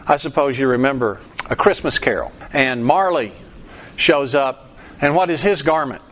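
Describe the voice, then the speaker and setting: A pastor preaches verse by verse at normal speed, his voice medium in pitch. He is animated, acting out the voices he quotes and breaking into song for a line.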